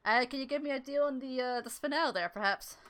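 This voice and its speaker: A woman's voice: high voice, quick pace, a bit bright. A woman voicing a shy, hesitant young male adventurer who stammers.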